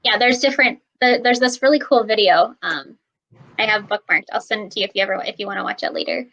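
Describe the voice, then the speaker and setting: A woman's voice: medium pitch, fast, creaky, a bit bright, dull audio. A woman with a Minnesotan American accent tutoring English on a video call, chatty and explaining with examples. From Minnesota, USA. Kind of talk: casual conversation lesson.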